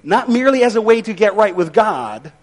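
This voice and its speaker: Lively high-voiced male preacher. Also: fairly quick. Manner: conversational, folksy with wry humor. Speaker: pastor. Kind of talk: sermon.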